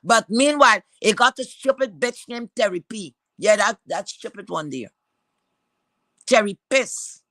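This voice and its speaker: A woman's voice: mid-range voice, a little slow, a bit bright, no room sound. A woman gives a heated commentary rant. She is blunt, swears freely and keeps asking rhetorical questions.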